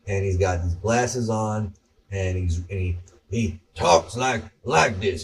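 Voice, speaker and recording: A man's voice: deep voice, takes it slowly, recorded from a distance. A man co-hosting a casual podcast, telling rambling stories with some profanity. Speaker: podcast co-host. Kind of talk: casual chat.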